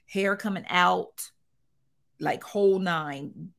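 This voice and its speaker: Expressive woman telling her story candidly. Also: lowish voice, slow, vocal fry. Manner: expressive, animated, with colloquial phrasing. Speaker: guest.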